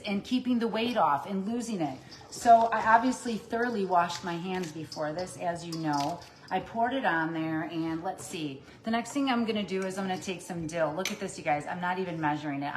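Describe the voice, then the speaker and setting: A woman hosting a casual cooking livestream from her kitchen, talking while she chops and cooks. Her voice sits a little low, and she stays upbeat and chatty, calling her viewers "you guys" as she coaches them on plant-based eating. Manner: talks while chopping and cooking.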